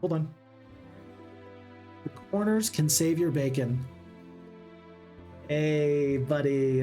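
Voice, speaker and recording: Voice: mid-range voice, extremely slow, pauses often, dark tone, soft background music. A gaming channel host giving upbeat, casual let's-play commentary and chatting with viewers.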